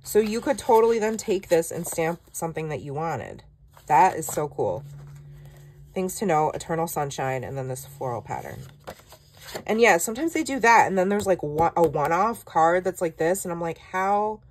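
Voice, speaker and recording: A woman craft vlogger chatting casually through a product flip-through, gushing and excitable with frequent gasps and exclamations. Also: fairly low pitch, normal speed, a little hiss or hum.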